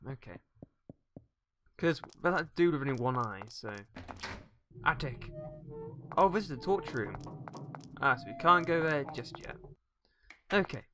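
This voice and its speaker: A man's voice: fairly high pitch, background noise. A young man from England with an English accent, joking and shrieking through a casual game commentary. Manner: jokey, excitable, shrieks when startled. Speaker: let's player.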